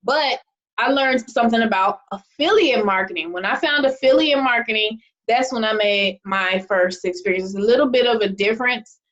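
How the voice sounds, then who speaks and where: A young adult woman giving a casual presentation on a video call, chatty and often checking in with "okay?". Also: fairly high pitch. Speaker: online marketing presenter. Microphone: video call microphone. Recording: muffled video call audio.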